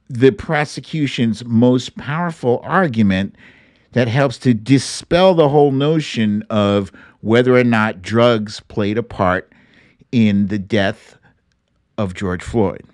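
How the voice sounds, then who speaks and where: A man hosting a show with casual commentary, animated and joking, swearing now and then. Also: mid-range voice, slow, no echo, clean studio sound. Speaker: show host.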